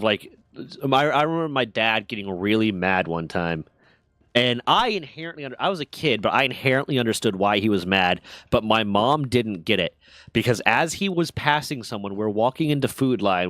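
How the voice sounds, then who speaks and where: A man's voice: fairly low pitch, fairly bright tone, no room sound. Streamer host: an American man who rambles and curses and laughs easily, recorded dry and up close. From United States. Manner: profane, rambling, laughs often. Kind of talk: casual podcast-style chat.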